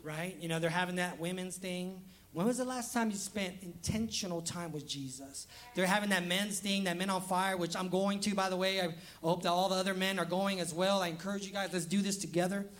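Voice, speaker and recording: A high-pitched man preaches in a chatty, animated way. He slips into playful quoted voices and jokes at his own expense. He is a pastor speaking to his church. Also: a little fast, hardly any pauses. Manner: conversational, acts out quoted voices, laughs at himself. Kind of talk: lively sermon. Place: church sanctuary.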